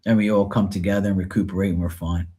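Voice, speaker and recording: A man's voice: low voice, level tone, fast talker, warm tone. A man from Bermuda with a Bermudian accent, chatting loosely and rambling to viewers of his live tarot stream. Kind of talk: casual live-stream chat.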